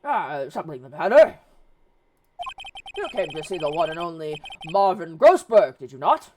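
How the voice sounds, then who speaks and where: Pompous older lawyer, read by a woman; blustering, stammering, wildly animated delivery. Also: deep voice, normal speed, background noise. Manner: flustered, stammering.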